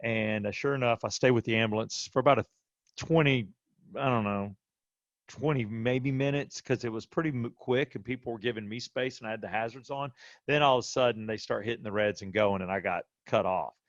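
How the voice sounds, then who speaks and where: In a brisk, mid-range voice, this podcast co-host shares a casual personal story and animatedly acts out others' lines. There's no room sound, and the recording's highs are cut off.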